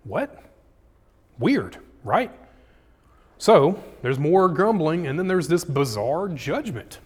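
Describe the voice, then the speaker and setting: Lively, joking male pastor. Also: fairly high pitch, slow pace, breathy edge. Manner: casual, jokey preaching with dramatic read-aloud quotes. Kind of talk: sermon.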